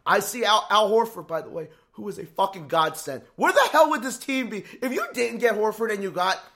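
An excitable man co-hosting a casual sports podcast, his high voice swinging widely up and down. He stammers through restarts and swears freely as he argues his points. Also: fairly quick. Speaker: podcast co-host.

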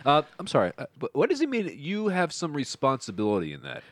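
Guy chatting at a script read, lively up and down voice, keeps asking stuff. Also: fairly high pitch. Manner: quick interjections, questioning. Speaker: table read participant. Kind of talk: casual chat.

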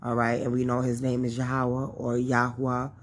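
A woman's voice: very deep voice, completely flat delivery, normal speed, slightly rough. A woman reading a Bible chapter aloud and teaching, with chatty, informal asides and many fillers. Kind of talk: casual scripture reading and teaching.

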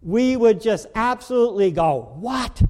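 Slow, high-voiced pastor in echoing church. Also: male voice, expressive, darkish tone. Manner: slow, emphatic preaching with dramatic pauses. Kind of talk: sermon. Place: church sanctuary. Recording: long reverb of a church hall.

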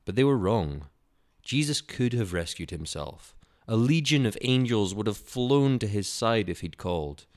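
A man's voice: fairly low pitch, animated, moderate pace. A man reading a Bible story for children in a solemn, dramatic way.

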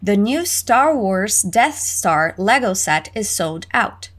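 Slow, lively woman teaching English phrases. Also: medium pitch. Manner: lively, exaggerated intonation for learners to repeat. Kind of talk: slow, clear repetition drills.

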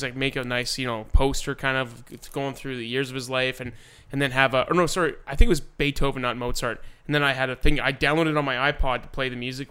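A man's voice: medium pitch, clean tone. A young man co-hosting a podcast, casually telling school stories, acting out voices and laughing often. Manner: animated storyteller, acts out quoted voices, laughs often. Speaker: podcast co-host. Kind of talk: casual chat.

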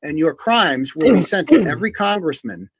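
Guy with a high voice picking apart a clip, sarcastic, dry sound. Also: very animated, normal speed, creaky, slightly rough, dry recording. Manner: mocking, incredulous. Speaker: commentator. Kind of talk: commenting on a video clip.

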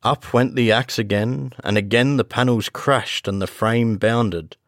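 A man reading a classic gothic story aloud as a narrator, in a slow, measured storytelling manner. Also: medium pitch, no echo, clean studio sound. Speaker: audiobook narrator. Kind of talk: scripted narration.

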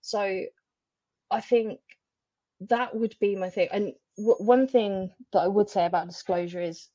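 A woman speaking as a podcast guest in a candid, animated way, often laughing between phrases. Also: mid-range voice, dry recording. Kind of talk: candid conversational interview. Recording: dry, slightly dull lo-fi sound.

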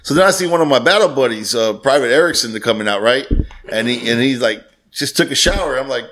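Podcast host, male, slightly high-pitched, casual storyteller with a profane mouth. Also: lively intonation, rapid-fire, a bit bright. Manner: swears freely, acts out quoted voices.

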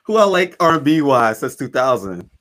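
A man hosting a casual podcast conversation, animated and exasperated, often laughing. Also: medium pitch, normal speed. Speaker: podcast host and producer.

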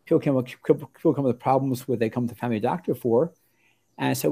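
A mellow-voiced older osteopathic family physician swaps stories as an interview guest, speaking quickly in a creaky, husky, mid-range voice. He rambles casually, starts over a lot, and brings quotes to life by acting them out.

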